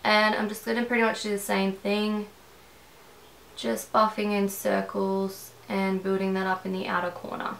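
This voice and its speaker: A chatty Australian woman rambling through a makeup tutorial at home. Her voice has a gravelly, fry-tinged edge, and the room around her sounds echoey. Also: medium pitch, completely flat delivery, moderate pace, fairly bright tone, a little hiss or hum. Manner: rambling, conversational. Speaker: beauty vlogger.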